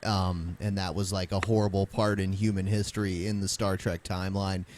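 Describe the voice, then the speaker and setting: A man hosting a casual podcast, lively and animated as he explains things. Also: sits low, normal speed, a little hiss or hum. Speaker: podcast host.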